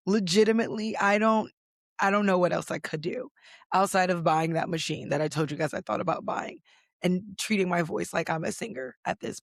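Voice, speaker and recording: Hoarse, chatty woman podcast host. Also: on the low side, no room sound, clean studio sound. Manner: chatty and rambling, self-deprecating. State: hoarse, voice mostly gone. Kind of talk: casual solo podcast chat. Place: chilly office. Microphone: computer recording setup.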